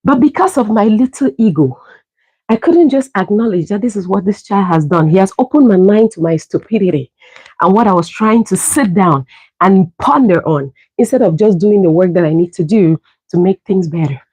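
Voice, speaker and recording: Husky-voiced woman telling a story. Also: medium pitch, normal speed, no echo, poor audio. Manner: animated, laughs often, acts out dialogue. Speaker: livestream host. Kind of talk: casual storytelling.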